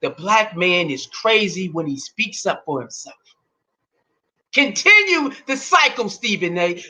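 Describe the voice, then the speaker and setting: A man's voice: sits high, very animated, a little slow, sharp tone. A man in his thirties hosting a heated solo sports rant, indignant and profane, firing off rhetorical questions. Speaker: sports talk host.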